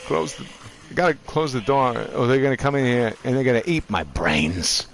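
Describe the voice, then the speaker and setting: A man doing animated, joking commentary while streaming a video game and talking to his chat. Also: medium pitch, normal speed, vocal fry, slight background noise. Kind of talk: gaming commentary.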